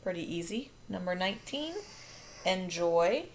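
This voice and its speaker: A woman's voice: lowish voice, expressive, unhurried, a little hiss or hum. A woman teacher walking children through a phonics lesson, upbeat and patient, catching and fixing her own slips. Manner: upbeat, patient, self-correcting.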